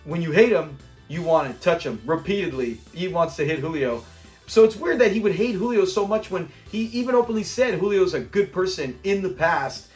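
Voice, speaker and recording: A man hosts a casual breakdown of a classic sitcom episode. He talks with enthusiasm in a fairly high voice and slips into the characters as he quotes them. Soft music plays underneath. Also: lively intonation, moderate pace. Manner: enthusiastic, acts out quoted lines. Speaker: show host.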